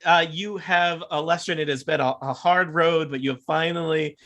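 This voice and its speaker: A man's voice: on the high side, fairly even intonation, moderate pace, fairly bright tone. A man narrating a tabletop game as game master, rambling and hesitant, with frequent repeated words.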